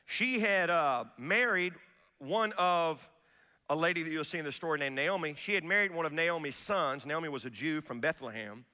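A man preaching a sermon as pastor, animated and folksy, with asides and call-outs to the congregation. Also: fairly high pitch, moderate pace, clean tone, in a large hall.

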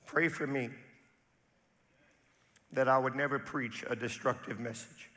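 A male pastor preaching a sermon, telling stories in a low, confiding voice before climbing to impassioned, shouted peaks. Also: fairly even intonation, unhurried, big-room sound. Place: church sanctuary.

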